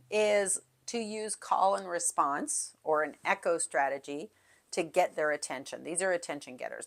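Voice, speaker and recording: A middle-aged woman music teacher with a low but fairly bright voice chats through classroom tips. Along the way she sings short call-and-response rhythms aloud to demonstrate.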